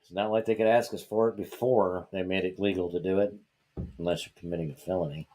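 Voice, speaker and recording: A man's voice: deep voice, fairly even intonation, fast talker, mellow. A man from Georgia hosting a podcast, ranting in a heated, exasperated way and firing off rhetorical questions in casual talk. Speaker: podcast host.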